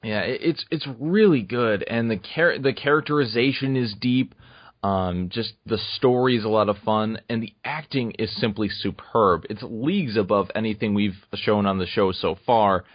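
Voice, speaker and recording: A man's voice: on the low side, normal speed, no echo. A man co-hosting a casual podcast chat about films, talking with enthusiasm and emphasis. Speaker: co-host. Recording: dull, dry lo-fi recording.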